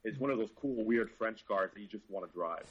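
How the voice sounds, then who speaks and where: A man's voice: fairly low pitch, brisk, highs cut off, slight background noise. A man who writes about cars, chatting casually and swearing eagerly in a podcast conversation. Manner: enthusiastic, swears freely. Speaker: car journalist guest.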